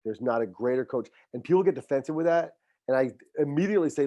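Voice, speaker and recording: An older man with a mid-pitched voice speaks in a casual podcast conversation. He is a football coach who talks earnestly and motivationally. He often acts out his exchanges with players. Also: lively intonation, fast talker, warm tone, no room sound. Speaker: high school football head coach, podcast guest.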